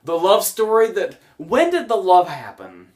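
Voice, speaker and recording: Sarcastic animated man, off-mic. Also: high voice, a little slow, recorded from a distance. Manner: sarcastic, animated, acts out scenes mockingly. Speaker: movie reviewer host. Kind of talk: casual podcast review.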